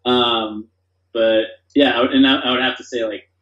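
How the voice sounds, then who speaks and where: Guy rambling excitedly on a podcast, lots of "like" and "you know", echoey room, kinda muffled. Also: medium pitch, moderate pace. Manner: enthusiastic, rambling with many fillers. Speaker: podcast guest, company founder. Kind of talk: casual conversation. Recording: dull, roomy sound.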